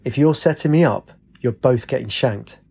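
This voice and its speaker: A man's voice: mid-range voice, normal speed, creaky, warm tone, slightly rough. A man voicing a cocky, menacing young male drug dealer who talks in impatient street slang.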